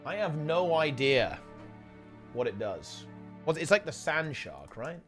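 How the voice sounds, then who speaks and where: A man's voice: a little high, big pitch swings, measured pace, a bit bright, soft background music. A man casting a live online game tournament in a chatty, rambling way, often correcting himself mid-sentence. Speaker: esports tournament commentator. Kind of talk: casual live game commentary.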